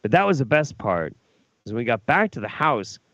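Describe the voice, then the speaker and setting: A man's voice: mid-range voice, sing-song, a little fast, a bit bright, dry recording, highs cut off. A drunk man co-hosting a talk show, telling a rowdy, profane story and acting out quotes. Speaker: co-host.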